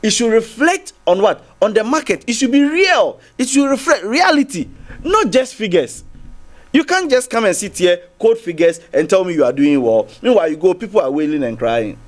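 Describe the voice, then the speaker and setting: A man's voice: sits high, very animated, normal speed. A man with a Ghanaian English accent arguing as a guest on a TV panel, circling back with repeated restarts and rhetorical questions. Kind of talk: heated TV panel debate.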